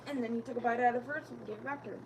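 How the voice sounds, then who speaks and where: A woman chatting casually at home, telling a story in an animated way. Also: a little high, racing, noisy background. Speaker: family member on the vlog. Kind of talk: casual chat.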